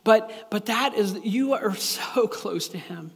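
A man preaching a sermon as a pastor, earnest and animated, often repeating himself. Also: high-pitched, slow, creaky, husky. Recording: long hall reverb.

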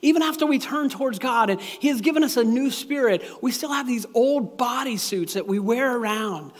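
A man preaching a sermon as a pastor, earnest and animated, often repeating himself. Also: very high-pitched, normal speed. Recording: long hall reverb.

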